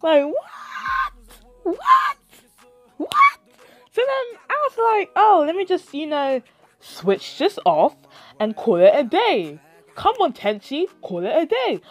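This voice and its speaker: A young woman vlogger retells a story in a high voice that swoops up and down. She talks at an easy pace, acts out her own shocked reactions and swears freely. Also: big pitch swings, a little slow, darkish tone, no room sound. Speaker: YouTube vlogger.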